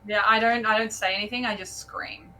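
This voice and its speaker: Bright-voiced Australian woman player. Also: medium pitch, a little fast, poor audio. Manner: animated, describes her character's actions. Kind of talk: casual tabletop play.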